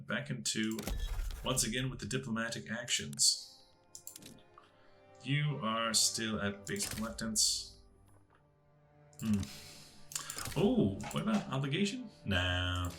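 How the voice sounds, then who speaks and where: A man's voice: fairly low pitch, bright, forceful tone. A man casually talking himself through a strategy game, musing aloud with puzzled asides. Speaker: gaming channel host.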